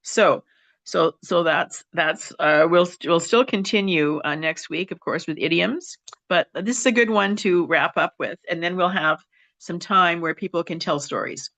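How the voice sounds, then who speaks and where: A woman with a Western Canadian accent teaches English over a video call. Her voice sits a little low and carries a gravelly fry, and she keeps things patient, repeating her points and checking in with "okay". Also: measured pace, a bit bright. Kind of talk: online class teaching.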